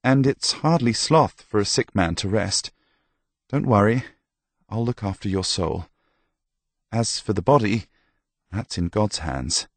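A man voicing a kindly, gently wry priest who reassures a sick patient. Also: lowish voice, a little slow, pauses often, dry recording. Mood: reassuring.

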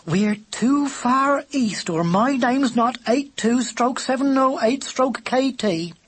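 A narrator voicing an anxious female homing pigeon with a lilt, breathy and high. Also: expressive, slow, heavily acted. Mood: worried. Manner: urgent and worried.

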